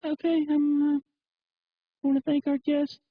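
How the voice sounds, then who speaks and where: A man doing a halting, timid woman radio host. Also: very high-pitched, little pitch movement, no room sound, phone-quality sound, voice pushed up. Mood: hesitant. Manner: halting, full of ums. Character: timid awkward female radio host, hesitant.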